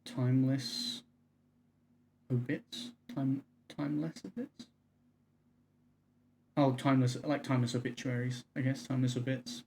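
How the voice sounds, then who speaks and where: A man streaming a video game, casually commenting and reading in-game text messages aloud in a low, subdued voice. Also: flat delivery, unhurried, long pauses, a little mellow, slight background noise. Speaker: livestreamer. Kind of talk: casual let's-play commentary.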